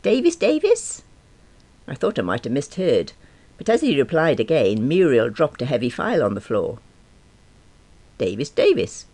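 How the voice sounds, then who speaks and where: Woman, about fifty, first-person story reading, wry, self-deprecating, very lively pitch. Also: brisk. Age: around 50. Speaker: narrator.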